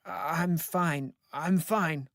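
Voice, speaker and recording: An older father, voice trembling yet terse, brushing off questions he would rather not answer, as the narrator plays him. He speaks slowly and low. The sound is close and dry. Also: fairly bright tone, dry recording, heavily acted. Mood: shaken. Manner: trembling, curt. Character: shaken older father, gruff.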